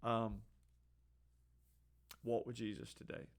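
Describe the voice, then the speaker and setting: A man's voice: mid-range voice, level tone, takes it slowly. A man hosting a daily headlines show, reading the news in an offhand, opinionated way with frequent restarts. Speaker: host. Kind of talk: casual news commentary.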